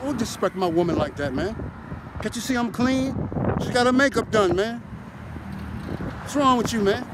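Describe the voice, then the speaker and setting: High-voiced man telling a streetwise story. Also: noisy background. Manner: animated, streetwise banter, acts out arguments. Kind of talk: casual storytelling monologue.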